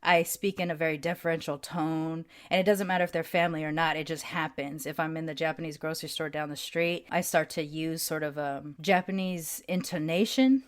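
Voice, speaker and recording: Low-voiced woman hosting a podcast. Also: steady tone, a little fast, hardly any pauses. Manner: thoughtful, rambling with fillers. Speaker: podcast host. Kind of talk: casual interview chat.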